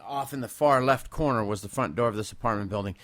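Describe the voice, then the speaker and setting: A man's voice: mid-range voice, quick pace, a bit bright, no echo. A man in his forties from Southern California, hosting a podcast and telling personal stories off the cuff in a candid, emotional way, often restarting his sentences. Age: 40s. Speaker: podcast host. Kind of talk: unscripted personal storytelling.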